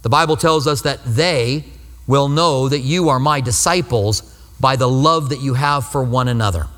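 Pastor teaching in an echoing hall. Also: male voice, mid-range voice, normal speed, fairly bright tone. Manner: earnest, explanatory, repeats phrases for emphasis. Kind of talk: expository Bible teaching sermon. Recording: long reverb of a hall.

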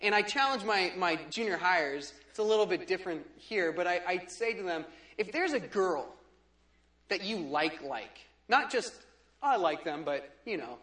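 A young male pastor preaches with a fairly high voice, joking and animated, swinging from loud bursts to hushed asides. His words ring through a roomy church sanctuary. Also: normal speed. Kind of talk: sermon. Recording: echoey church hall.

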